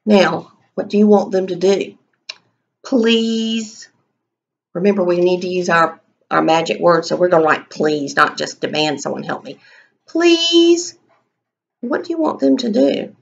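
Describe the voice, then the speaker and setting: A woman teaching young children a writing lesson, sounding out words slowly and asking the class questions as she writes. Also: fairly low pitch, expressive, vocal fry, highs cut off. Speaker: kindergarten teacher.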